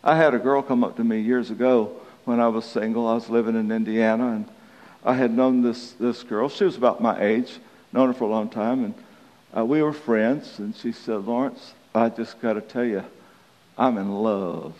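A medium-pitched, steady, slightly mellow voice belongs to a pastor in his sixties giving a sermon at normal speed. He tells down-home stories and acts out what people said. Long hall reverb colors the recording.

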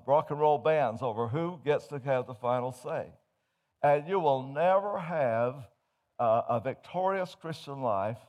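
A man preaching a sermon, telling humorous stories and swinging from hushed to loud as he tells them. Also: medium pitch.

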